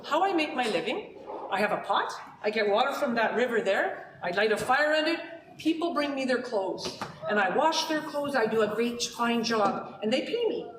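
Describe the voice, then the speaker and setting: A woman's voice: a little high, expressive, normal speed, noisy background, lightly acted. A woman voicing a fretful village washerman who complains and exclaims in a flustered way, stumbling over his words. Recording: roomy hall recording from a distance.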